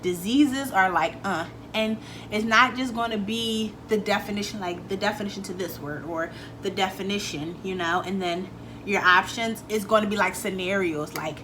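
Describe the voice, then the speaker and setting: A young woman vlogging casually, telling a story in a chatty, animated way, swearing freely and acting out what people said. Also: medium pitch, normal speed, background noise. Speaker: beauty vlogger.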